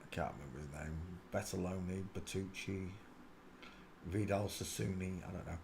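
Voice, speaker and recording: A man's voice: moderate pace, vocal fry. A man hosting a live stream, giving casual, mocking running commentary on pictures and greeting viewers by name. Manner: excitable, breaks into loud high laughter. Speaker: livestream host.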